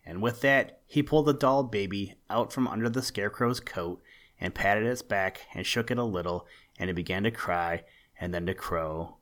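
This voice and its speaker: A man narrating a storybook in a measured, expressive reading. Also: fairly low pitch.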